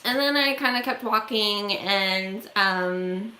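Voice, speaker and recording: A woman's voice: medium pitch, slow pace, noisy background. A woman vlogger telling a story on a livestream in a rambling, chatty way, full of fillers, in an echoey room. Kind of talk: casual storytelling.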